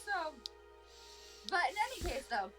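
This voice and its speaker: A woman's voice: very high-pitched, very animated, moderate pace, fairly bright tone, soft background music, poor audio. A woman casually recapping the last session of a tabletop game, rambling and laughing as she goes. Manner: giggly, rambling, self-interrupting.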